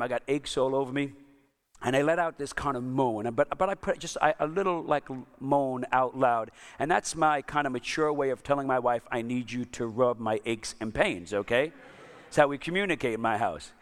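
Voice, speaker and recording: A man's voice: on the high side, fairly bright tone. A man preaching a sermon, telling a self-mocking story and chatting with his congregation. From Italian-American. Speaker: pastor.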